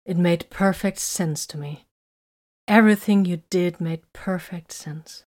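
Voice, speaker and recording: A woman's voice: fairly low pitch, measured pace, darkish tone, natural voice. A woman voicing a bitter, hurt young woman warrior in an audiobook, speaking in an emotional, confessional way. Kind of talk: audiobook character reading.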